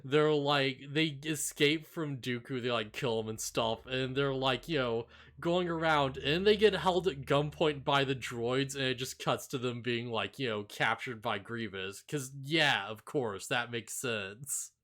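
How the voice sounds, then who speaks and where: Male podcast co-host, mid-pitched, rambly and giggly, casual chat. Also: measured pace, hardly any pauses, fairly bright tone. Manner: rambling, filler-heavy, laughs often.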